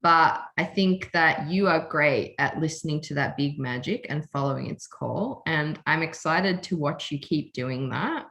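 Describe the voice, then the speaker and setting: A woman's voice: deep voice, unhurried, few pauses, a bit bright. A woman hosting a podcast, chatting casually and effusively, often laughing and emotional. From Australia. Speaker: podcast host. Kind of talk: casual chat.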